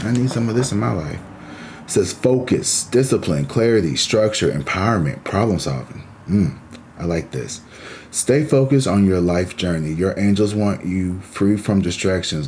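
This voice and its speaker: A man's voice: sits low, darkish tone, a little hiss or hum. A man giving a casual tarot reading, talking in a laid-back, chatty and reassuring way with the odd curse word thrown in. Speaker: tarot reader.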